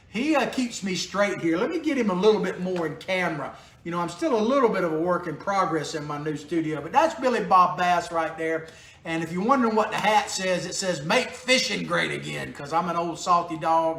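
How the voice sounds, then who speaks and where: A man's voice: on the high side, pushed and bright. A man hosting a political commentary show in a small home studio, talking casually with sarcastic jokes and frequent chuckles. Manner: joking, sarcastic asides, chuckles often. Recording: roomy echo in a small studio.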